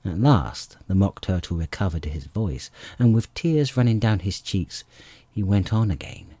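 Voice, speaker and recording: A man reading a classic children's story aloud as an audiobook narrator, slow and measured. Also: sits low, very animated, warm tone, breathy edge, no echo. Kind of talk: scripted narration.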